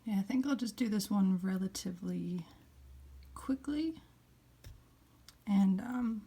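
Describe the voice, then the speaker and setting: Soft-spoken woman, half whispering. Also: mid-range voice, a little slow, long pauses, husky. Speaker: carving tutorial host. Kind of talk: casual how-to narration.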